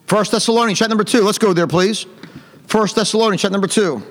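A high-pitched male pastor delivers a fiery, scornful sermon, reading King James scripture aloud. His voice rings out through a church with a long, lingering reverb. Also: fast talker, fairly bright tone. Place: church sanctuary.

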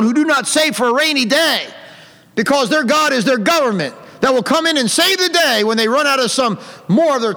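A high-pitched male pastor delivers a fiery, scornful sermon, reading King James scripture aloud. His voice rings out through a church with a long, lingering reverb. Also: fairly bright tone. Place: church sanctuary.

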